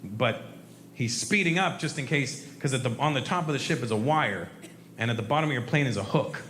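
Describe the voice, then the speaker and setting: A man doing a stand-up comedy routine, telling an animated story and shouting out sound effects. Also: mid-range voice, brisk. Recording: echoey live room, faint noise.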